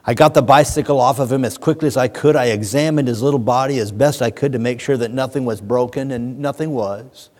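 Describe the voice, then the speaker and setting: Man preaching in a reverberant hall. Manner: storytelling that swings from hushed to booming; addresses the congregation directly. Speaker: pastor. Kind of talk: sermon. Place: church sanctuary.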